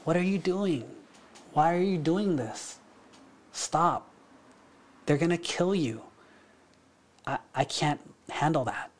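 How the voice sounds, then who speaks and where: Guy doing a desperate mom queen begging her son, plain voice. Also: fairly high pitch. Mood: pleading. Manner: pleading, quick questions.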